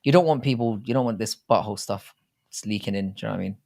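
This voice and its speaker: A British man co-hosting a live fight-talk stream, chatting casually in an animated, jokey and rambling way with plenty of swearing. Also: on the low side, fast talker, gravelly. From Britain. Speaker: co-host of a live fight show.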